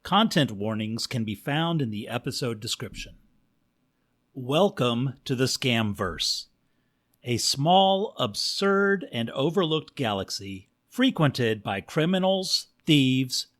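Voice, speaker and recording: Male podcast narrator, unhurried, lively ups and downs, dry comic reading. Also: medium pitch.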